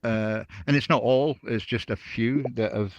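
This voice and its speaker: A man's voice: medium pitch, moderate pace, no room sound, lo-fi sound. A man in casual chat, rambling and self-interrupting, joking along.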